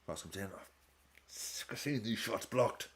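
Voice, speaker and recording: Male streamer in his 30s, low register with very animated pitch, casual and reactive, curses freely. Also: measured pace. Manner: reactive, swears freely, jumps between match commentary and films. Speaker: streamer watching a football match live. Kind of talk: casual watch-along chat.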